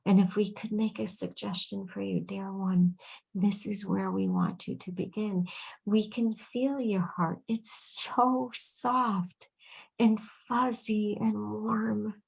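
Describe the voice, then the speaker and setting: Slow, creaky-voiced woman channeling. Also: mid-range voice, rough recording. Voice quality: creaky, husky, drifting into soft whispers. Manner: slow, soothing, speaks as a collective "we", often murmurs "dear one". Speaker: channel giving intuitive readings. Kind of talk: channeled reading on a video call. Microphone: video call.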